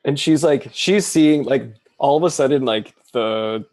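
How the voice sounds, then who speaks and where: A man's voice: mid-range voice, a little slow, a little mellow. A man narrating as game master in a casual tabletop game, with many fillers.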